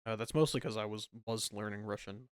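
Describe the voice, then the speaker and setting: A man's voice: on the low side, a little fast, clean tone, no echo, studio quality. A man, a podcast co-host, telling stories in casual chat and laughing often. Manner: animated storytelling, laughs often.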